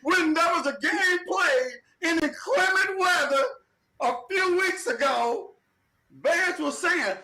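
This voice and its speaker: A man's voice: very high voice, slow, sharp tone, echoey room, raised voice, rough recording. A man on a sports talk panel cutting in to tease a co-panelist. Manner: teasing, interjecting. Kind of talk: heated sports debate.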